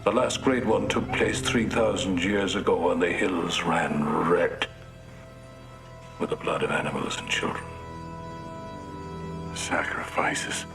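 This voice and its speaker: A menacing middle-aged cult leader speaks in a deep, gravelly voice. His delivery is slow and solemn, like a ritual. Music plays underneath this film clip. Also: fairly even intonation. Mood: ominous.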